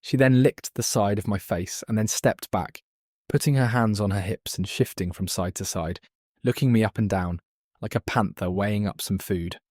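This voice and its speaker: A man's voice: fairly low pitch, normal speed, a little mellow, dry recording, clean studio sound, lightly acted. A man voicing a blunt, crude male former palace footman. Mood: scornful.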